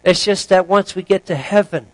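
A man preaching a sermon in a relaxed, chatty manner, full of asides and storytelling. His voice sits a little high for a man. The sound is close and dry, with no echo. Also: normal speed. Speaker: pastor.

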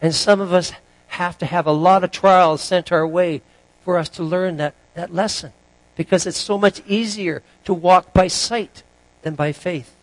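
A man preaching a sermon in a relaxed, chatty manner, full of asides and storytelling. His voice sits a little high for a man. The sound is close and dry, with no echo. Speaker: pastor.

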